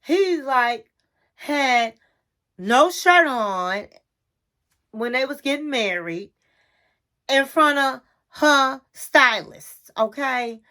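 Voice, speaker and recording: A woman's voice: high voice, lively intonation, extremely slow, long pauses, sharp tone. A woman hosting a casual reality TV recap, chatty and sassy, talking straight to the listener.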